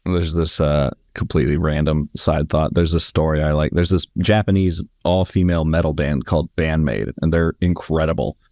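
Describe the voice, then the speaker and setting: A man hosting a podcast interview, mostly giving short replies and now and then telling a quick aside. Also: rumbling low, fairly even intonation, a little mellow, dry recording, studio quality. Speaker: podcast host. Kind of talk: casual interview.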